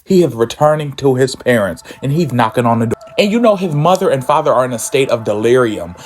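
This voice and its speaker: A man's voice: mid-range voice, expressive, quick pace, a little mellow, slight background noise. Campy, sassy man telling a story. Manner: campy, sassy asides, swearing. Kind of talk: casual comic book story summary.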